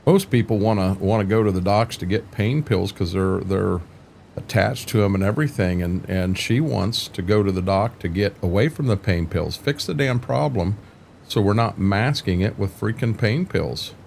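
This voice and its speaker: Low-voiced older man chatting on stream. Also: lively intonation, moderate pace, gravelly, a little mellow, slight background noise. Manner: rambling, frequent restarts, mild cursing. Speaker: livestream host. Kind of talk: casual chat while streaming a farming game.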